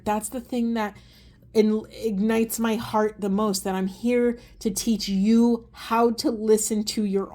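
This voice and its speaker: A woman giving a spiritual oracle card reading, earnest and gentle, often trailing into soft, hushed asides. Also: mid-range voice. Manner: gentle, earnest, rambling with self-corrections. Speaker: tarot and oracle card reader.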